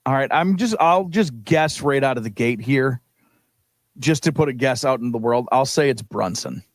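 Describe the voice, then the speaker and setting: A man's voice: medium pitch, normal speed, no room sound. A man co-hosting a morning sports radio show, chatting casually, laughing easily and musing aloud while he guesses.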